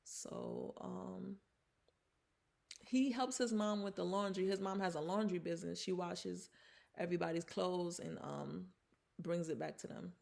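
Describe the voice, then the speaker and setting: A film reviewer recaps a movie's plot in a casual vlog, chatty and full of fillers and restarts, acting out the characters' lines. Her voice is lowish, gravelly and slightly mellow, with a sing-song, unhurried delivery.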